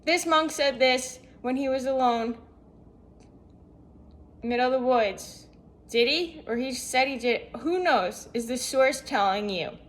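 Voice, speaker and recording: High-voiced chatty young woman vlogger. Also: a little slow. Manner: chatty, rambling, lots of rhetorical questions. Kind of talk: casual rambling self-help monologue.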